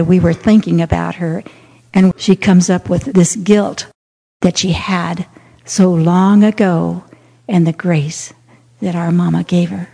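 An older woman speaking to an audience, gently reflecting on her sister's story. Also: fairly low pitch, gravelly, slightly rough. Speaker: the storyteller's sister, introducing the recording. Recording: long hall reverb.

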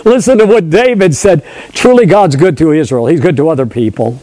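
High-voiced older preacher, emphatic and dry. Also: male voice, a little fast, dry recording, rough recording. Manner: emphatic, swings between loud high declarations and low hushed asides; repeats phrases for the congregation, asks for responses. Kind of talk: sermon.

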